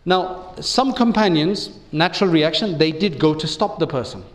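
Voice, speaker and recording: A man's voice: fairly high pitch, normal speed. A man giving an Islamic talk in a conversational way, asking listeners questions and acting out quotes. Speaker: preacher.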